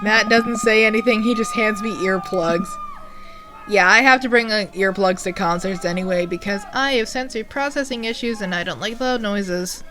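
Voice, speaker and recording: A woman's voice: mid-range voice, moderate pace. A woman casually narrating a game playthrough, with chatty, self-deprecating asides. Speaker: let's-play narrator. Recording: music playing behind.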